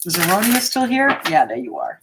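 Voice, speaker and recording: A woman's voice: on the low side, huge pitch swings, brisk, heavy background noise. Chatty, reassuring woman reading tarot live. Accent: American. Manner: chatty and reassuring, thinks aloud between cards. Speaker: tarot reader hosting a live Q&A. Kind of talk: live-stream card reading, answering viewers.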